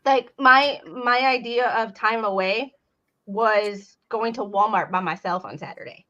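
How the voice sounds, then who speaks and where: A woman's voice: medium pitch, a little slow, pushed and bright, lo-fi sound. A woman hosting a casual livestream chat from home, talking loosely and laughing between remarks. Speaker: host.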